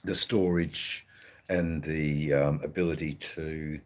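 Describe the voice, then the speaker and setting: A man's voice: very deep voice, steady tone, slow. An Australian man hosting a livestream in casual chat, rambling and hesitant, swearing freely. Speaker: livestream host.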